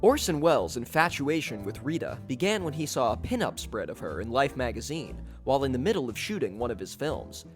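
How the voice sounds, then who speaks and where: A man reads scripted podcast narration in a measured storytelling way. His pitch moves in a lively, animated way, with faint music underneath.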